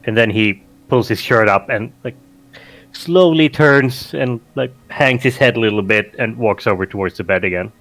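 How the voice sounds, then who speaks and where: A man's voice: mid-range voice, moderate pace, fairly bright tone, dry recording, soft background music. A man playing a tabletop role-playing game who narrates his character's actions, hesitant and full of restarts. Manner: hesitant, repeats words, says "like" a lot. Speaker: player.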